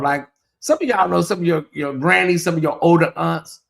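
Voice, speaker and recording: A man's voice: sits high, normal speed, gravelly, a bit bright. A man hosting a casual livestream, chatting animatedly and reading out viewer comments with exclamations and asides. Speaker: livestream show host.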